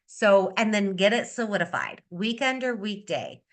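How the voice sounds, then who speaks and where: Bright upbeat woman coaching on a call. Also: mid-range voice, normal speed. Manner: upbeat, energetic, repeats key advice. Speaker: beauty consultant leading a sales training. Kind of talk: coaching talk on a video meeting. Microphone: video call.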